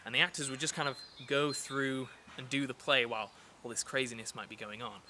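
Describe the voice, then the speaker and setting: Speaking briskly in a pushed, bright, medium-pitched voice with fairly even intonation, a man chats his way through a poetry lesson, restarting and filling gaps as he goes. A little hiss or hum sits under the outdoor recording, and birds and rural ambience are clearly heard.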